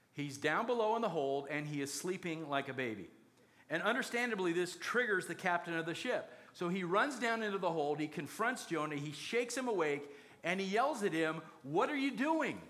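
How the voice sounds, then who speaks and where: A man's voice: on the high side, fairly bright tone. A man preaching a sermon, telling the story with jokes and acted-out quotes. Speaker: pastor.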